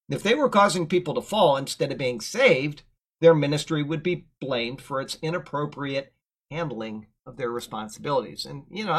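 A man teaching a Bible lesson, explaining words verse by verse and drifting into relaxed, chatty tangents. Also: medium pitch, husky, rough recording. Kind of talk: verse-by-verse Bible commentary with casual asides.

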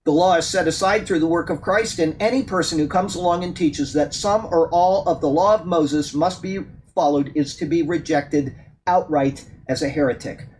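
A man's voice: a little high, moderate pace, darkish tone, poor audio. A man teaching a Bible study. He reads a passage aloud and then comments on it in a loose, conversational way with fillers, and turns firm and emphatic on points of doctrine.

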